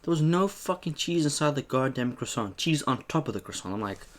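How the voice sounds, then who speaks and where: A man's voice: mid-range voice, a little fast, few pauses. Casual young man chatting while eating. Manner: animated, swearing, acts out a shop argument. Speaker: mukbang host.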